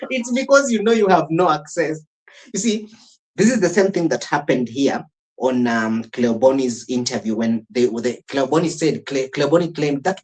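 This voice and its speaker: A host reacting live to a clip, laughing between remarks and talking straight to the viewers in a loose, chatty way. The voice sits at a middle pitch for the speaker. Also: normal speed. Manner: chuckles often, talks to chat. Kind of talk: live-stream reaction commentary.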